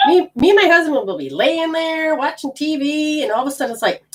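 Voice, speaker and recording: Lively, animated healing teacher woman. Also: high-pitched, brisk. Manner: animated, blunt, swears casually. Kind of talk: casual teaching talk to a group.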